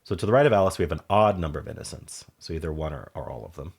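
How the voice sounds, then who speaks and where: A man's voice: very deep voice, rapid-fire, gravelly, husky. A man with a sore throat thinking aloud as he solves word puzzles, musing half to himself and trailing off. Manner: muses half to himself, trails off, sudden brighter asides. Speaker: puzzle game streamer. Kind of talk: casual thinking aloud while solving puzzles.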